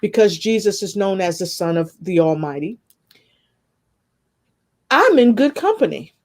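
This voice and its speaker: A woman guest sharing a personal testimony in conversation, earnest and expressive, with faith woven through her talk. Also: medium pitch, measured pace. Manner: earnest, expressive storytelling with spiritual references.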